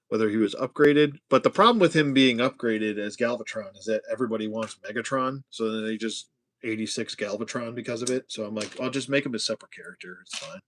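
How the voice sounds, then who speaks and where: A man casually chatting and joking to himself as he builds toy figures on a livestream, sometimes dropping to a hushed whisper. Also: mid-range voice. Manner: chatty, jokey, talks to himself while building. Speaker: toy collector host.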